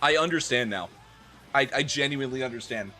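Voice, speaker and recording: A man's voice: mid-range voice, brisk, pushed and bright. A man streaming a comedic dramatic reading, breaking off into amused, laughing asides. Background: faint music.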